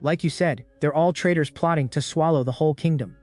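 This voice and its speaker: A pushy royal envoy, as a man reading a story puts him on, talks persuasively and pleads. His voice is fairly high. It is recorded dry and close. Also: brisk, a little mellow, no echo, natural voice. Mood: persuading.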